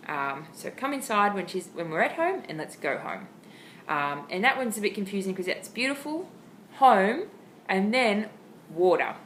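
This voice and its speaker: A woman with an Australian accent casually sharing dog training tips at home, chatty and expressive with lots of ums. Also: medium pitch, moderate pace, a little hiss or hum, rough recording. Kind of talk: casual how-to talk to camera. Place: home, indoors.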